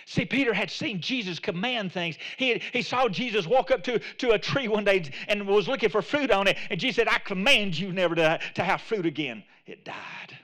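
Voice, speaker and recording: A man with a high, bright, ringing voice preaches to his congregation. He moves between rising, emphatic calls and low, hushed asides, often speaking the words of a prayer as if he were praying it himself. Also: expressive, brisk, hardly any pauses. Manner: preaching with swings from loud calls to quiet asides, acting out Peter's prayer. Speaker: pastor. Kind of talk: sermon.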